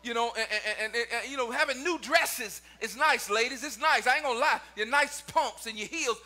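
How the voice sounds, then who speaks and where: A man preaching a sermon to his congregation and online viewers, his voice climbing into shouts and sung cadences. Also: very high-pitched, moderate pace. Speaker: pastor.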